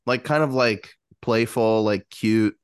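A man's voice: fairly low pitch, takes it slowly, clean tone, no echo, studio quality. A young man co-hosting a podcast, chatting casually and sometimes putting on a baby-talk voice. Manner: chatty, puts on baby talk for his dog. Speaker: podcast co-host. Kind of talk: casual chat.

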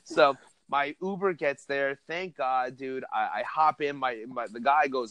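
A young man telling a wild story in casual chat, animated and profane, laughing as he goes. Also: medium pitch, measured pace, no echo. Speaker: podcast host telling a story.

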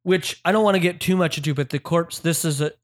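A man's voice: a little high, fast, no echo, studio quality. Man chatting eagerly about comics. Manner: enthusiastic, recaps scenes. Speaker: podcast co-host. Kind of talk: casual chat about a comic.

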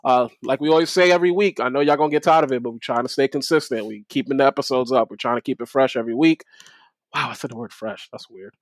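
A man hosting a casual podcast with his friends, animated, often repeating words and talking over the others. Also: mid-range voice, fast, dry recording, studio quality. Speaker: podcast host.

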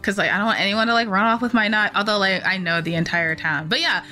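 A woman playing a tabletop game talks in a rambling, joking way and swears casually. Her voice is bright and forceful, with faint music in the background. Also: mid-range voice, fast. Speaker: player.

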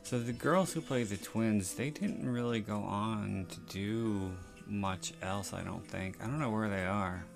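A man's voice: lowish voice, a little slow, gravelly, hardly any pauses, music in the background. A man hosting a podcast, reviewing a TV episode in rambling, casual, profane chat. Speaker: podcast host.

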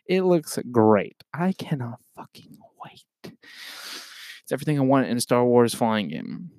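Excitable, swearing young man ranting. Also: medium pitch, measured pace, no room sound. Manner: excitable, profane, loud outbursts. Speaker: podcast host. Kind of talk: casual solo rant.

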